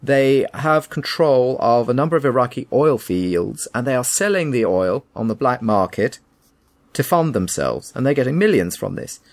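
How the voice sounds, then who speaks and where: A man co-hosting a chat podcast, pressing his views with emphatic restarts. His voice has a gravelly fry at a mid pitch. The talk is loose and combative. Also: sing-song, normal speed. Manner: opinionated, emphatic, with frequent restarts. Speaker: podcast co-host. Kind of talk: casual argumentative chat.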